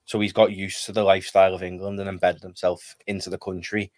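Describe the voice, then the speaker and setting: A man with a very deep voice co-hosts a relaxed football chat stream. He talks loosely and hesitantly, thinking aloud as he goes. The recording is dry and close. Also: fast, no echo. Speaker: co-host.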